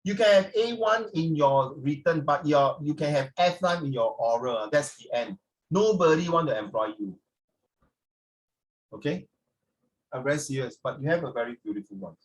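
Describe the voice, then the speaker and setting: A man teaching a class with lively, teasing coaching. He keeps switching into Mandarin phrases. He sounds somewhat distant from the microphone. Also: a little high, normal speed.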